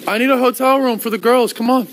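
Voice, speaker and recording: A man live-streaming on a city street into a handheld phone, loud, goofy and taunting, repeating his phrases over and over. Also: very high-pitched, steady tone, fast, background noise. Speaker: IRL streamer. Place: outdoors on a city street and at a hotel door.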